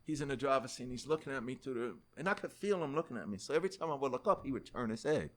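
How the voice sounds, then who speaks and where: A middle-aged American rapper with a New York accent tells a long story as a guest in a casual podcast interview, speaking at a racing pace in a mid-range voice. He's an animated storyteller who acts out other people's voices and swears freely.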